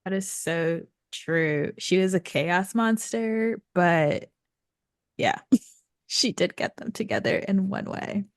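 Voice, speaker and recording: A woman's voice: mid-range voice, slow, clear, resonant tone, no room sound, studio quality. A woman co-hosting a book podcast, talking in a laid-back, chatty way. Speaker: podcast co-host. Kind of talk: casual book chat.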